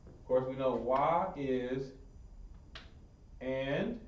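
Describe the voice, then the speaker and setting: A man's voice: medium pitch, extremely slow, slight background noise. A man teaching a Hebrew language class, repeating his praise and encouraging students. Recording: echoey room, far mic, muffled.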